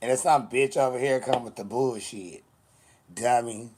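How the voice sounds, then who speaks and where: A man's voice: medium pitch, moderate pace, a little mellow, a little hiss or hum. A man chatting casually on a livestream, sassy and blunt, swearing a lot as he answers comments.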